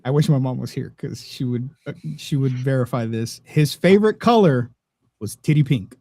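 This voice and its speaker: A man's voice: medium pitch, lively intonation, normal speed, mellow, dry recording. A man co-hosting a casual podcast, telling long stories and swearing freely. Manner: rambling storyteller, swears freely. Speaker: podcast co-host.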